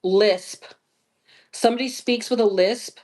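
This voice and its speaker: A woman hosting a live stream psychic reading, talking slowly and musingly and spelling out letters as she goes. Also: fairly high pitch, darkish tone. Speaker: psychic reader.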